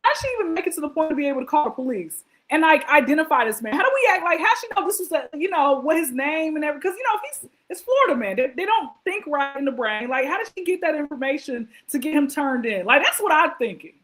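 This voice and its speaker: A woman with a high, bright-sounding voice hosts a relaxed podcast conversation. She is animated and quick with her asides, and she often breaks into laughter. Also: poor audio. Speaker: podcast host. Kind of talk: casual podcast chat.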